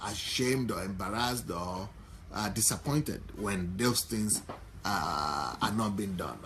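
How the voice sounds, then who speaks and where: A man's voice: lowish voice, a little hiss or hum. A man giving marriage advice to wives in an earnest, instructive talk, often repeating and rephrasing his points between fillers.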